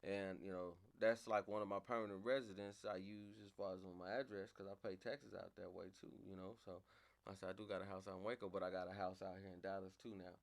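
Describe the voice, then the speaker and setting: A man with a fairly low voice tells a story in a loose, casual way. He swears freely and often, and his voice climbs high and loud when he gets fired up, then drops back down again. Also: level tone, quick pace, creaky. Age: adult, father of a young daughter. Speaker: podcast host.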